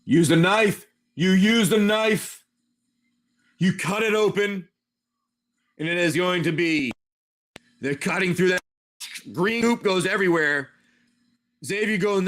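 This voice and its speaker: A man's voice: high voice, slow pace, long pauses, a bit bright. A man running a tabletop game on a live stream, narrating each move play by play. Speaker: game master.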